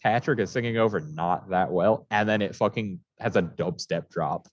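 A man co-hosting a casual music review podcast, blunt and quick to laugh, swearing casually. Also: deep voice, slightly rough, no echo, muffled recording. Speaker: podcast co-host.

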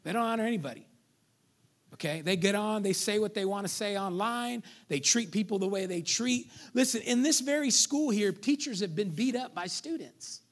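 This high-pitched man, speaking at a normal pace, delivers a sermon as a pastor. He swings from loud peaks to hushed drops and acts out quoted voices in conversational asides.

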